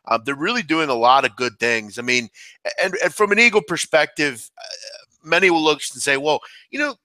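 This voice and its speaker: A man's voice: on the high side, lively intonation, fairly quick, sharp tone, no echo. A man talking sports betting on a roundtable, rambling with many fillers. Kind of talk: casual roundtable talk.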